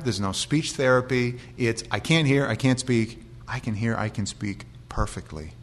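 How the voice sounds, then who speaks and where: A man's voice: medium pitch, fairly bright tone. A middle-aged man giving an informal Bible teaching, reading verses aloud and then explaining them in plain everyday words. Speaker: pastor.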